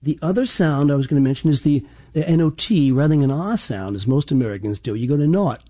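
A man who coaches dialects talks in a mellow, warm voice with a trace of an Irish accent. He stumbles and restarts often as he explains. The recording is dry and close. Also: mid-range voice, no echo. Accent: partly Irish. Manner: halting, many restarts, slips into demo accents. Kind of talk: explanatory interview talk.

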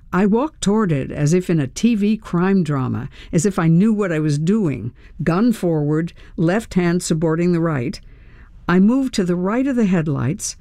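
A narrator reading a tense first-person story aloud in a measured, storytelling manner. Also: medium pitch, mellow, dry recording, clean studio sound. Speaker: audiobook narrator.

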